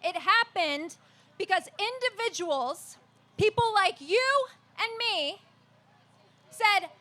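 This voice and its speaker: Slow, high-voiced woman activist speaker. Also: expressive, bright, forceful tone. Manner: measured, earnest, leads call-and-response chants. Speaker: activist leader, rally speaker. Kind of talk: rally speech. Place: outdoor park rally.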